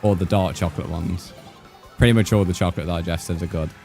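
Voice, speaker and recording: A man's voice: low-pitched, fairly even intonation, fast, gravelly, a little mellow, faint music behind. A young man from the UK with a British accent, chatting casually with viewers on a live gaming stream and dropping slang like mate and bro. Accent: British English. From United Kingdom.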